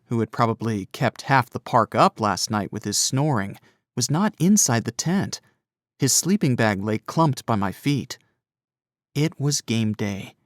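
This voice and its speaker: Man, audiobook narrator, first-person, expressive, lively pitch, dry close mic. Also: dry recording. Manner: expressive storytelling.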